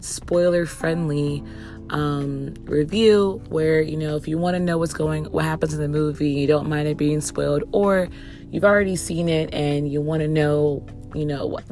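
A woman hosting a podcast movie review, hoarse from losing her voice, chatting casually. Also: sits low. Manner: chatty, with fillers and restarts. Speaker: podcast host.

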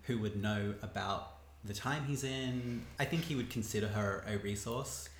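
A man's voice: fairly low pitch, normal speed. A man co-hosting a casual chat, thoughtful, restarting and hedging as he builds a point. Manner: thoughtful, restarts and hedges while building an argument. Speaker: podcast co-host. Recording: roomy echo with faint background noise.

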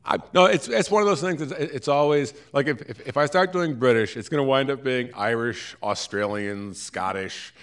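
A man's voice: mid-range voice, moderate pace, hardly any pauses, clear, resonant tone. A man hosting a live podcast in a theater, rambling and self-deprecating, with many restarts. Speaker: podcast host. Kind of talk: casual live podcast chat.

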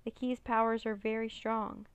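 A woman's voice: a little high, flat delivery, normal speed, clean tone, no echo, lightly acted. A woman reading the lines of a thoughtful young dragon master in a storybook, speaking seriously.

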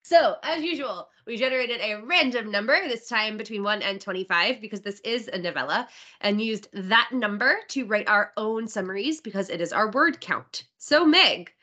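A woman's voice: mid-range voice, lively intonation, normal speed, sharp tone. A woman co-hosting a podcast, reviewing a romance novel in casual, enthusiastic chat and swearing now and then. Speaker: podcast co-host.

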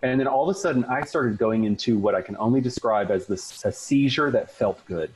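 A man's voice: medium pitch, brisk, a little hiss or hum, low-quality recording. A man casually telling a long personal story, chatty and full of fillers. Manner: chatty, filler-heavy, animated retelling.

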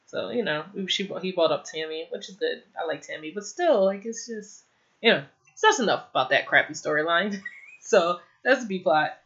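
A woman's voice: on the low side, lively intonation, moderate pace, fairly bright tone. A young woman casually recapping a TV episode, rambling with lots of "like" fillers and exasperated, opinionated asides. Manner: rambling, heavy use of "like" fillers. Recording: slightly dull lo-fi audio.

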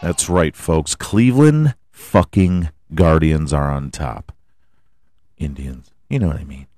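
A man hosting a sports podcast, running through the standings with crude jokes, sudden loud outbursts, sing-song bits and laughter at his own gags. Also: a bass voice, slow, no echo, some chatter behind. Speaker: podcast host. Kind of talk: profane comedic sports rundown.

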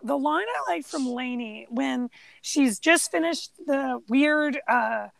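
A woman co-hosting a casual podcast about a movie, talking in an animated way, acting out quotes from the film and laughing often. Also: high-pitched, slow pace, creaky, dry recording, rough recording. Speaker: podcast co-host. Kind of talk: casual movie discussion chat.

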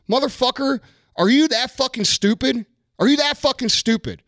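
A man in his thirties vents on his podcast in a blunt, heavily profane rant, frustrated and fired up. His voice sits high for a man. The sound is close and dry. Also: a little fast, a bit bright, no room sound. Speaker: podcast host. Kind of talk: casual ranting talk.

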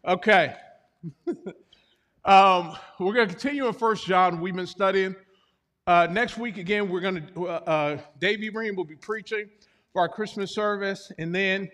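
Male pastor, high-pitched, winded, preaching to the room with jokes and call-outs; long reverb of a church hall. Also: a bit bright. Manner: jokey, talks with the congregation, asks for responses. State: out of breath. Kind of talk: sermon.

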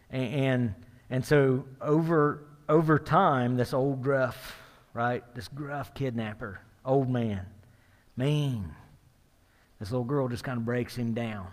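A middle-aged man preaching a sermon as pastor, talking conversationally, often checking in with the room, his voice building as he retells a story. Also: medium pitch. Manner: conversational, asks the room "right?", builds in intensity while retelling. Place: church sanctuary. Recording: long hall reverb.

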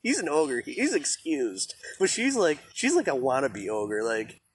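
Crude joking young man with a lively voice. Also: medium pitch, a little slow, slight background noise. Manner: laid-back, crude, joking, laughs often. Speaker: podcast co-host. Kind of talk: casual chat.

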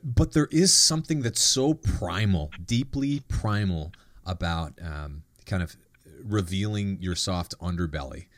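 A man's voice: sits low, expressive, unhurried, no echo, clean studio sound. A man hosting a conversational interview, speaking in a reflective, thoughtful way. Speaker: podcast host.

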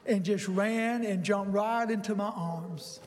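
An older man preaching a sermon, telling a folksy personal story that builds to excited bursts. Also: high-pitched, takes it slowly. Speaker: pastor. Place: church sanctuary. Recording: long reverb in a large hall.

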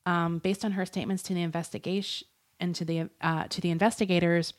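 A woman's voice: on the low side, little pitch movement, quick pace. A woman co-hosting a casual podcast, telling a true crime story with lots of fillers, laughs and the odd swear. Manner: chatty and giggly, swears, uses lots of fillers. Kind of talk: casual chat.

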